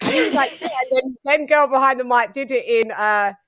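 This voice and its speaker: A woman chats casually as the host, animated and full of anecdotes. Her voice sits a little high. She keeps slipping into quoted voices as she tells each story. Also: fast. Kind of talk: casual chat.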